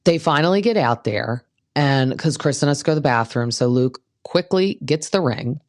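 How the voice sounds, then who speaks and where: A woman's voice: a bass voice, animated, moderate pace, a little mellow, no echo, clean studio sound. A woman hosting a podcast, recapping a reality show in a chatty, gossipy way, full of "like" and "um". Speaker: podcast host. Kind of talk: casual recap commentary.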